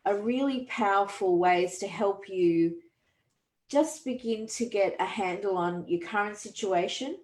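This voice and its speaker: A woman's voice: medium pitch, measured pace, darkish tone. A woman, a podcast host and coach, talking earnestly and reflectively with frequent restarts. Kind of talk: conversational coaching talk. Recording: roomy echo.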